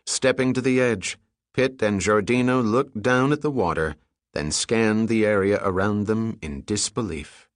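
A man narrates an action thriller in a steady, even storytelling delivery. His voice sits low. The sound is dry and close, with no room echo. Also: measured pace. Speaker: audiobook narrator. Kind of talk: scripted narration.

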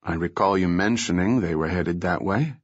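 A man voicing a calm, unflappable male operative leader who speaks smoothly with dry humor in an audiobook reading. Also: low voice, normal speed, dull audio. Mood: calm, wry. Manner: calm, smooth, dryly joking.

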